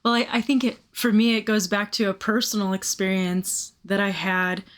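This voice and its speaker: A woman co-hosting a faith podcast, telling a personal story with animated, self-mocking humor and frequent laughter. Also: mid-range voice, normal speed. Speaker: podcast co-host. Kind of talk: candid faith conversation.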